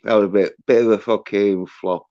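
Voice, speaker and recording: A man's voice: on the low side, steady tone, moderate pace, mellow, no echo, lo-fi sound. A man hosting a livestream, ranting in a rambling, profane way with many fillers and restarts. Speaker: livestream host.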